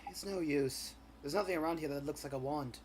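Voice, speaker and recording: A man's voice: fairly high pitch, a little fast, noisy background, lightly acted. A man voicing an earnest, hesitant young boy hero in game dialogue, in a plain reading voice. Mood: doubtful.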